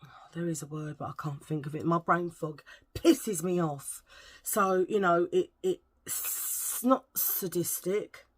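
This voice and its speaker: Middle-aged lady rambling thru a story, kinda low voice, stops to hunt for words. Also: fairly even intonation, takes it slowly. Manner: rambling, chatty, searches for words, eats while talking. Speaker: vlogger. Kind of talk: casual storytelling chat.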